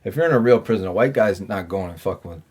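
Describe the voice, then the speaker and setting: A man's voice: low-pitched, fast talker, darkish tone, breathy edge. A man telling his prison stories in a casual interview, swearing freely, restarting sentences and acting out quoted dialogue. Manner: profane, rambling, with filler-heavy restarts; acts out his own and others' lines in quoted dialogue. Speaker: podcast guest, former prisoner.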